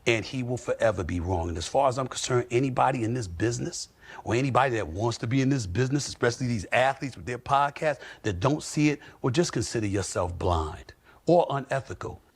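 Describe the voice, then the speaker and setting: A man giving sports commentary on TV with forceful, repetitive, preacherly emphasis. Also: mid-range voice, lively intonation, fairly quick, slightly rough.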